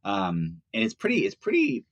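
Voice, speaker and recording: Lively man rambling through a story. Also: lowish voice, normal speed, no room sound, highs cut off. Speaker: co-host. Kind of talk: casual morning chat with wife.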